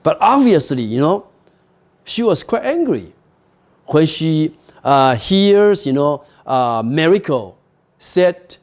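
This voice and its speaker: Slow, lively-voiced male lecturer. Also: fairly high pitch. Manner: reads quoted passages aloud, then explains them with many rhetorical questions; slow and emphatic, with fillers and repeated words. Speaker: literature professor. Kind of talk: university lecture.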